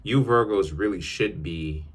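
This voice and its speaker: A man's voice: low voice, measured pace. A man giving a tarot reading in an emphatic, lecturing monologue, often repeating his words. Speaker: tarot reader.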